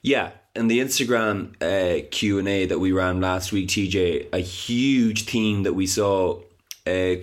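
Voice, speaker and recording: A man with an Irish accent co-hosting a comic sports podcast, rambling with many halting restarts. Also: low voice. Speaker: podcast co-host.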